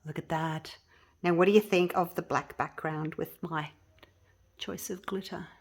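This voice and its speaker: This resin craft channel host chats with viewers while working in her home workspace, frequently trailing off and beginning her sentences anew. Her voice is lowish with a breathy edge and fairly even intonation, and her delivery is unhurried.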